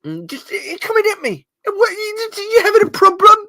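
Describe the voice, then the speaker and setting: A man doing a shouting, accusing lie-spotter. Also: extremely high pitch, huge pitch swings, fairly quick, dry recording, pitched above the performer's own voice, full character voice. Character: intense accusing male TV lie-detector, middle-aged.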